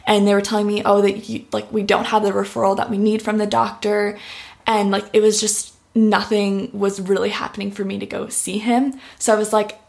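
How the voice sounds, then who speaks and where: A woman's voice: medium pitch, level tone, brisk, creaky, a little mellow. A young woman giving a heartfelt personal testimony in an interview, with lots of "like" fillers. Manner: heartfelt, uses "like" often. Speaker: interview guest.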